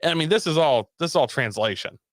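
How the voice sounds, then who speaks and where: A man's voice: fairly high pitch, quick pace, no echo, clean studio sound. Laughing, profane man telling a story. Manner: animated, profane, laughs often. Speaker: podcast guest telling a story. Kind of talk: casual storytelling chat.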